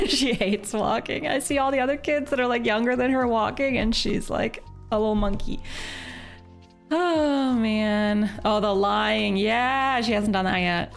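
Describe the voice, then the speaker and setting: Chatty Canadian woman streamer, gravelly voice. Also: fairly high pitch, a little slow. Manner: rambling, chatty, many fillers and restarts. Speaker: livestreamer and parent. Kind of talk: casual chat with stream chat. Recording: faint music behind voice.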